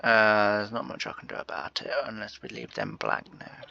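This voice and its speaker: A man's voice: fairly low pitch, very animated, moderate pace, gravelly, pushed and bright, lo-fi sound, a little hiss or hum. A man giving casual, rambling gameplay commentary on a farming game, full of fillers and asides.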